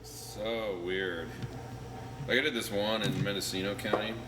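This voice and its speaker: A man's voice: fairly low pitch, steady tone, unhurried, loud music behind the voice. A man from Idaho, a songwriter guest, telling stories in a laid-back way, full of "like" and "dude.". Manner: laid-back storyteller, says "like" and "dude" a lot. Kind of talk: casual interview chat. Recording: noisy room ambience.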